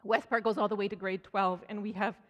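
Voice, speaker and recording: A woman's voice: mid-range voice, little pitch movement, a little fast. A woman giving a conversational sermon at a church, telling stories and acting out quoted voices. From Canada. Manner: storytelling, acts out quoted voices, frequent restarts. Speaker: speaker at church. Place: church sanctuary. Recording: church hall with long reverb.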